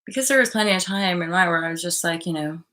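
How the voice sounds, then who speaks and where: A woman's voice: fairly low pitch, fast, sharp tone. A woman hosting a live online stream, talking passionately in a rambling way, swearing and reading out viewer comments.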